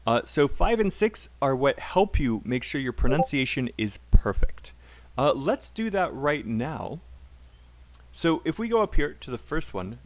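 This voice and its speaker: A man with a British accent, medium pitch and big pitch swings drills sentences slowly during a live online English pronunciation lesson, encouraging the students as he goes.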